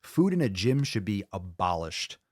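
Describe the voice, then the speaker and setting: A man's voice: low voice, sing-song, moderate pace, dry recording, clean studio sound. A man hosting a fitness podcast in casual chat, ranting bluntly and swearing often. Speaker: podcast host.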